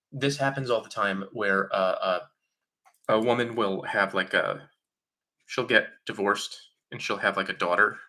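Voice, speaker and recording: Answering chat questions on his live Q&A stream, this opinionated host talks casually and mocks others by quoting them in silly voices, with plenty of fillers. He speaks at a measured pace in a lowish voice with a sharp tone.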